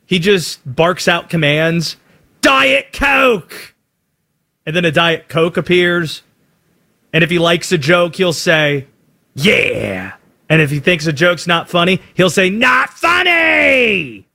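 A man's voice: fairly high pitch, flat delivery, measured pace, sharp tone. A man giving an emphatic sports opinion monologue, punchy and full of rhetorical questions. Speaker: sports commentator.

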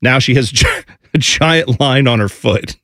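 A man in his thirties telling a lively family story in casual chat, acting out his kids' voices. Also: mid-range voice, measured pace, gravelly, no echo, clean studio sound. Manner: animated, acts out family voices.

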